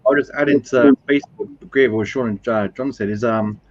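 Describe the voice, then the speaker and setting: A man's voice: mid-range voice, a little fast, muffled recording, a crowd in the background. A man chatting casually in a film discussion live stream, rambling and explaining his points through examples.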